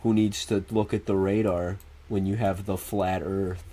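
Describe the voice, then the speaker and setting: Unhurried and mellow, his deep voice staying level, a male streamer hangs out with his audience in casual chat. He swears freely, laughs with viewers, and responds to them directly.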